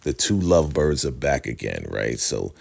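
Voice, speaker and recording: Male recapper: very low, husky, lively pitch, chatty slang. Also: normal speed. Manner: animated, chatty storytelling with slang. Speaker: TV show recapper. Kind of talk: casual video recap.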